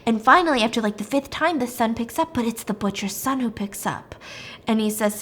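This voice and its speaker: A woman with a fairly high voice gives a casual, animated recap of a crime story. She swears freely and slips into each character as she goes. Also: brisk.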